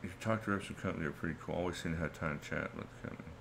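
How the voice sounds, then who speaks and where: Deep-voiced laid-back man chatting live. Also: racing, vocal fry, a bit bright, a little hiss or hum. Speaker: livestream host. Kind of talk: casual live chat reading comments.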